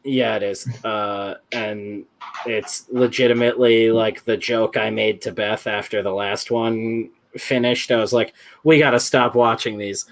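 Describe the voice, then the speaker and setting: A man's voice: lowish voice, flat delivery, gravelly. A man co-hosting a comics podcast, talking casually, joking and rambling with friends. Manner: joking, rambling, quick to laugh. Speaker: podcast co-host. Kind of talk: casual chat.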